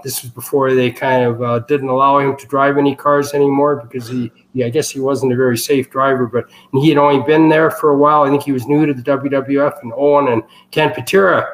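A man's voice: mid-range voice, fairly even intonation, brisk, hardly any pauses, low-quality recording. A man telling wrestling stories as an interview guest, rambling, with many fillers and restarts. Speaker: guest, wrestling family member. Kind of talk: casual storytelling interview.

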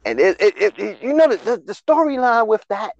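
A man hosting a casual wrestling recap podcast, excitable and full of restarts. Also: high voice, brisk, gravelly, no echo, lo-fi sound. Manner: excitable, repetitive, stumbling restarts. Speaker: podcast host.

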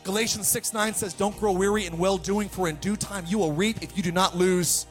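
A man preaching a fired-up sermon to his church, swinging from hushed passages to shouted ones. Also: high voice, fairly even intonation, brisk, soft background music. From United States. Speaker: pastor.

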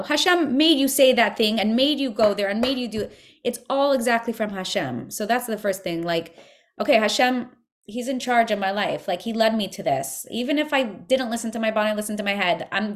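A woman leading a religious study group, speaking earnestly in a casual, conversational way and repeating words for emphasis. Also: mid-range voice. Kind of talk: casual spiritual teaching and text reading.

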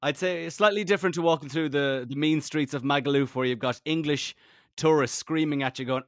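A man chatting casually on a podcast as a guest, a lively, jokey storyteller. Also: medium pitch, fast talker, dry recording. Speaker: radio presenter guest.

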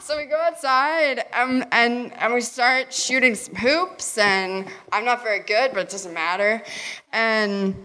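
A young adult woman telling a candid personal story on stage, animated and casual, with fillers and the odd swear word. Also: mid-range voice. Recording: long hall reverb.

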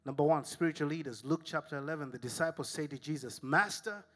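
A pastor who grew up in Africa preaching a sermon, telling lively stories and then dropping to soft, hushed tones. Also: male voice, on the high side, quick pace, soft background music. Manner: animated storytelling, swinging to soft and hushed.

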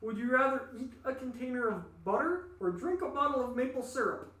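Dry, teasing Canadian question-reader, high bright voice, roomy sound. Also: male voice, lively intonation, fairly quick. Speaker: podcast co-host reading questions. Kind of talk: reading questions, casual chat. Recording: echoey room.

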